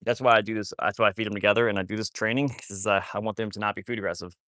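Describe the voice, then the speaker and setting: Fast-talking man on a livestream. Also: lowish voice, fairly even intonation, sharp tone, no room sound, clean studio sound. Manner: rambling, repeats himself, trails off mid-sentence; soothing, cooing talk to his dogs. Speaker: wolfdog rescuer livestreaming. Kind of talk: casual live-stream talk to viewers.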